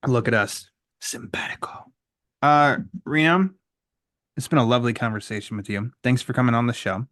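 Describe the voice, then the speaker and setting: A male podcast host chatting casually, loose and rambling with plenty of ums and quick jokes. His voice sits at an ordinary middle pitch, recorded close on a dry mic with no room sound. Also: no room sound. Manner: relaxed, rambling, frequent fillers and jokes. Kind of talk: casual podcast chat and outro.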